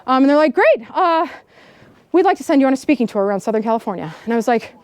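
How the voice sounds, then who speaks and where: A woman in her thirties giving a storytelling keynote speech, animated, laughing often and acting out the people in her story. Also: high-pitched, fast talker, dry recording. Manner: animated, laughing, acts out dialogue. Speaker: keynote speaker. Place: outdoor camp gathering.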